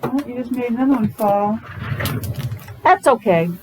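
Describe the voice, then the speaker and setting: A woman's voice: fairly high pitch, moderate pace, noisy background. Sing-song woman teacher coaxing small kids. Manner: sing-song, exaggerated and encouraging toward small children. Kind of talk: morning meeting for young children.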